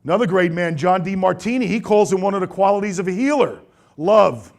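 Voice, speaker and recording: Man, middle-aged, seminar talk, slightly high voice, lively storyteller. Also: brisk, vocal fry. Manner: lively storyteller who acts out quoted voices. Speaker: chiropractor speaking to colleagues.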